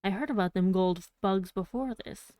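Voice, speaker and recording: A woman reading the lines of a worried old male servant who speaks in a halting, rambling way. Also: medium pitch, warm tone, no room sound, lightly acted. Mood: insistent. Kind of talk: audiobook reading.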